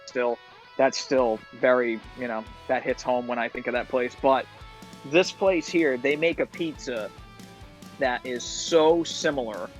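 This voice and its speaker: A chatty man from Rhode Island talks as a podcast guest, rambling through his stories and laughing easily. His voice sits at an ordinary middle pitch. Faint music plays underneath. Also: a little slow. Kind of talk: casual chat.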